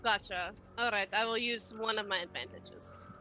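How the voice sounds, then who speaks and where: A woman's voice: mid-range voice, moderate pace, background noise. A woman playing a tabletop game, chatting casually with fillers and laughing often. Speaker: player.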